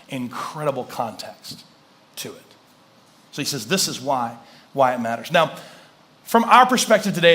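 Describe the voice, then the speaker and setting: A man preaching a conversational sermon as a church pastor, acting out little scenes of dialogue to make his points. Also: high voice. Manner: conversational, animated, acts out dialogue. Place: church sanctuary.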